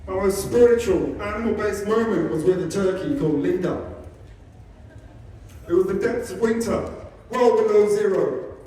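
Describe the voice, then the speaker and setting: A fairly high-voiced man, a sanctuary founder, gives a humorous talk at normal speed with frequent pauses, his wry, self-deprecating stories landing between gentler asides. The sound is distant and boomy, as if caught from the back of a large hall, with a long reverb tail and a faint noise floor.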